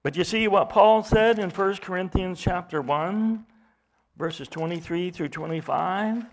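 High-voiced slow, emphatic male preacher. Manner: emphatic, acts out mocking voices. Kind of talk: expository sermon.

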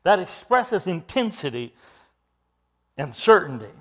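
Male preacher, high voice, sweeping and lively intonation, emphatic expository sermon. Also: a little slow, long pauses. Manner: emphatic, explains scripture verse by verse.

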